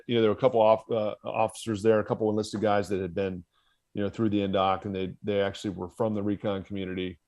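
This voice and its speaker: On a podcast, a former Marine officer from the United States tells his story in a voice on the low side with a darkish tone. It's casual conversational storytelling, candid and profane, with him laughing at himself.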